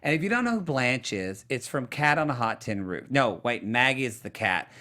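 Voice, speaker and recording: A man from Oklahoma co-hosting an after-show, animated and teasing as he gossips about an episode. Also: medium pitch, moderate pace. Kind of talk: casual chat recapping a reality episode.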